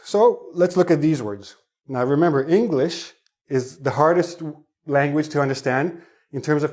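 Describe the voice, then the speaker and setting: A man's voice: on the high side, darkish tone. Chatty male English teacher. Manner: explains chattily, asks the viewers questions. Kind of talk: online pronunciation lesson.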